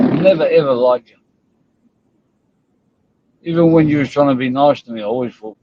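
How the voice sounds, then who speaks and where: A man's voice: medium pitch, fairly quick. A man hosting a live stream, ranting bluntly and scornfully at viewers and rivals, with frequent swearing. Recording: dull lo-fi stream audio.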